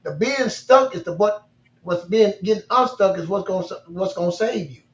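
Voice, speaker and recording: A man's voice: high-pitched, moderate pace, recorded from a distance. A man co-hosting a show, telling stories and giving emphatic, repetitive motivational advice. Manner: animated, laughing, repetitive, emphatic. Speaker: podcast co-host. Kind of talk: casual motivational storytelling. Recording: dull, roomy audio.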